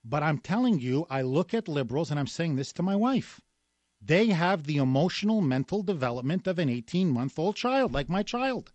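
A man's voice: on the high side, animated, a little fast, a little mellow, no echo, highs cut off. A man hosting a talk radio show, delivering a combative, sarcastic rant between callers. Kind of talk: opinionated talk radio monologue.

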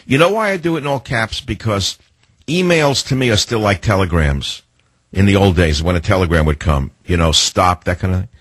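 A man hosting a late-night call-in radio show, talking in a rambling, emphatic monologue with a husky voice. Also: low-pitched, expressive, brisk, no room sound. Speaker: radio talk show host. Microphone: studio microphone.

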